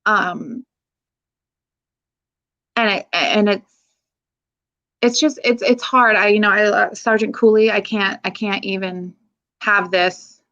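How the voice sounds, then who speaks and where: A woman in her thirties from the Pacific Northwest, an army veteran, talks frankly and emotionally as a guest on a podcast, swearing casually and laughing often. Her medium-pitched, slightly bright voice holds a steady tone, moving slowly with long pauses. The audio sounds dull.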